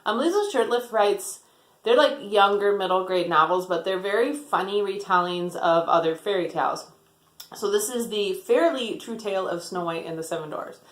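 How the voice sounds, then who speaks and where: A woman's voice: mid-range voice, normal speed, echoey room. A woman chatting casually about her book haul, rambling, with lots of "like" and "um". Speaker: book vlogger.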